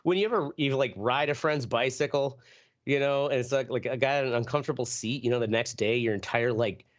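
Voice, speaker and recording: A man's voice: medium pitch, fairly quick, lo-fi sound. Rambling man telling stories on a podcast. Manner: rambling, filler-heavy storytelling with profanity. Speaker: podcast co-host. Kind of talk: casual podcast banter.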